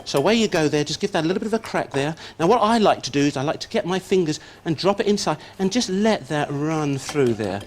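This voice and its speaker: A man's voice: a little high, animated, quick pace, hardly any pauses. A man teaching a hands-on cooking demonstration as a TV chef, talking contestants through each step in an upbeat, encouraging way. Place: TV studio kitchen set. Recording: loud background noise on an old TV recording.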